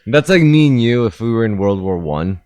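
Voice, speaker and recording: A man's voice: fairly low pitch, lively intonation, a little fast, darkish tone. A man co-hosting a podcast, riffing in crude, joking banter. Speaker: podcast co-host. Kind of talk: casual comedic chat.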